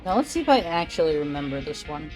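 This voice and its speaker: A woman's voice: sits low, very animated, fast talker, over music. A woman streamer giving chatty, self-amused commentary while playing a game. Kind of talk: casual gameplay commentary.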